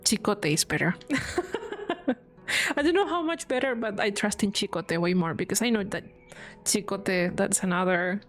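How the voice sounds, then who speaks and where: A woman's voice: medium pitch, animated, measured pace, pauses often. A woman from Spain with a Spanish accent, chatting casually on her stream, giggling often and swearing freely.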